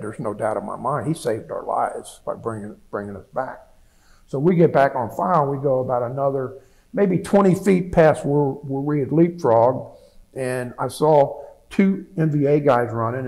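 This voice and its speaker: Gravelly older man recounting war memories. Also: medium pitch, darkish tone, low-quality recording. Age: 70s. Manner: plainspoken storytelling with frequent restarts and repeated words. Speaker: veteran interviewee. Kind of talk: oral history recollection.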